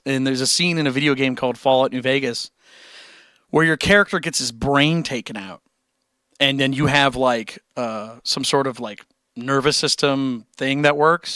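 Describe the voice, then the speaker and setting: A man's voice: medium pitch, bright, forceful tone, no room sound, clean studio sound. A young man streaming and answering chat questions about guitar, blunt and encouraging, with casual swearing and rambling tangents.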